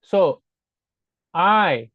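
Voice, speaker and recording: A man's voice: high-pitched, animated, very slow, no echo, narrow, tinny audio. A man teaching a grammar lesson in a casual, explanatory way, often correcting himself and checking in with "right?". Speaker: Spanish teacher. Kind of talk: screen-recorded grammar lesson.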